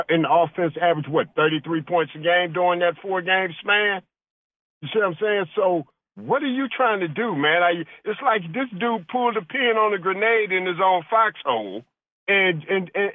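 A man's voice: sits high, no echo. A man calling in to a sports radio show, fired up and rambling, peppering his talk with "man". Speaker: caller. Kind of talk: call-in radio chat. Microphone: phone. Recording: tinny phone line.

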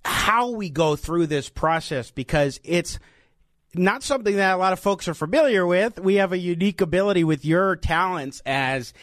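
A male radio host interviewing a guest, asking questions in a measured, deliberate way. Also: high voice, fairly bright tone, dry recording, studio quality.

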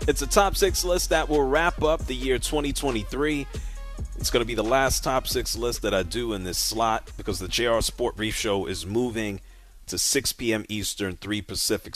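A man hosting a sports talk radio show, speaking casually and directly and moving callers along briskly. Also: mid-range voice, fairly bright tone.

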